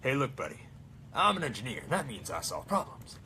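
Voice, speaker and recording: A short, cocky male combat engineer , as a man puts him on in passing who talks down to people in a smug, lecturing way. His pitch swings around a lot. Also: wildly swooping pitch, fairly quick, pushed and bright, slight background noise.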